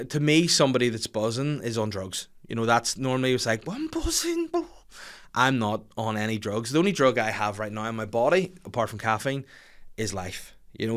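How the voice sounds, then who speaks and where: A man in his thirties with a Northern Irish accent, hosting a comedy podcast as a sweary, self-mocking storyteller. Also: lowish voice. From Northern Ireland. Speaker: podcast host.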